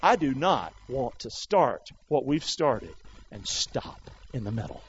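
A man pastor preaching a sermon, calling out questions for the congregation to answer and rising to shouts. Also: mid-range voice, big pitch swings, unhurried, breathy edge, highs cut off.

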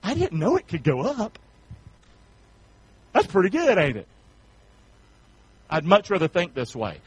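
A man's voice: high voice, wildly swooping pitch, measured pace, breathy edge, no echo, rough recording. A man from North Carolina with a Southern accent, preaching a folksy sermon as pastor, calling out to the congregation for amens. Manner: folksy, swings from shouts to soft asides, calls for amens.

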